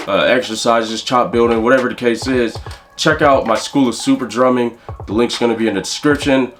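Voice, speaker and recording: A man's voice: mid-range voice, slight background noise. A man teaching a drum lesson, explaining rudiments casually and counting rhythms aloud.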